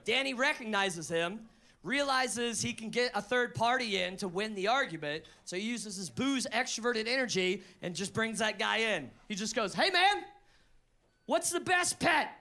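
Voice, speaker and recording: Loud, high-voiced male stand-up comic. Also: moderate pace. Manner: loud, profane, excitable, jumps into shouted voices for others. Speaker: stand-up comedian. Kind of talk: stand-up comedy set. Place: live comedy venue with audience laughter.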